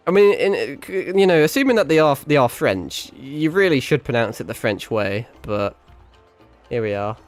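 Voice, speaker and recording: Playful British man, lively rambling stream talk. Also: medium pitch, normal speed, soft background music. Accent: British, with mixed American and South African hints. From Britain. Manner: playful, rambling, swears freely, laughs often. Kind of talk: casual game stream chat.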